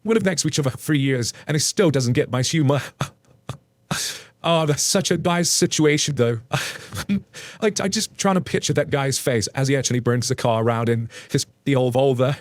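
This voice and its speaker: A man's voice: mid-range voice, moderate pace, no room sound. A British man casually reading out and joking about online posts, chatty and laughing often. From United Kingdom. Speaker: reddit story reader.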